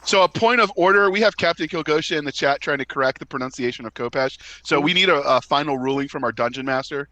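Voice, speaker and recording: Bright, playful male player. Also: a little high, fast, few pauses, poor audio. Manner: playful, reads chat aloud. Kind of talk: casual tabletop game chat.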